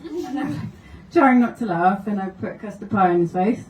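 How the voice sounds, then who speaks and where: A woman's voice: medium pitch, brisk, a little mellow, echoey room, distant mic, rough recording. A woman doing stand-up, telling wry anecdotes and laughing through her stories at a live comedy venue. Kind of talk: stand-up storytelling.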